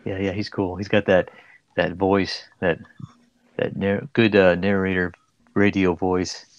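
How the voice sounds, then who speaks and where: A man's voice: low voice, little pitch movement, unhurried, no room sound, lo-fi sound. A man and comic artist chatting casually in a group call, hesitant and stammering, chuckling often.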